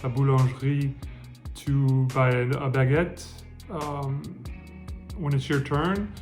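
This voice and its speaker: An easygoing man of middle pitch explains everyday tips in a casual spoken lesson. He pauses often, with ums and small restarts, and keeps a relaxed, unhurried manner. A faint music bed runs under his voice. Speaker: French language teacher. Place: lives in France.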